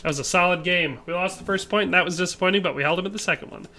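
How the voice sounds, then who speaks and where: A game streamer talks with his viewers in a relaxed, rambling way and answers their chat messages as he plays. His voice sits a little high for a man and has a bright, forceful edge. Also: racing. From Wisconsin, USA. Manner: chatty, reads viewer chat aloud and answers it. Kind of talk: casual live-stream chat while gaming.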